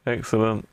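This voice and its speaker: A jovial man hosting a casual live stream, chatting and laughing with his viewers. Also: dry recording. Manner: jovial, laughing banter with chat. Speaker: live-stream host restoring a vintage radio.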